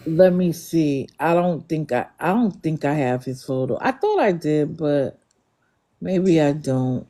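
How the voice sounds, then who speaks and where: A woman's voice: low-pitched, lively intonation, a little slow, warm tone. A woman hosting a live stream, talking bluntly and with exasperation to her viewers. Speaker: livestream host. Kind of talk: casual commentary. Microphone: live stream setup.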